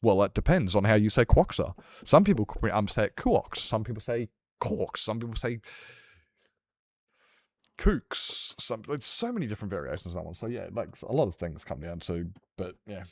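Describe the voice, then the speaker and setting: A man's voice: on the low side, animated, quick pace, a little mellow, dry recording, studio quality. An Australian man streaming a game, chatting casually and rambling with lots of fillers while he responds to chat.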